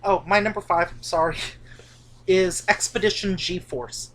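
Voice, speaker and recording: A woman with a lowish, somewhat bright voice speaks at a measured pace, co-hosting a coaster channel. She's teasing and chatty in a casual conversation about theme park rides, recorded indoors in a dim room at home.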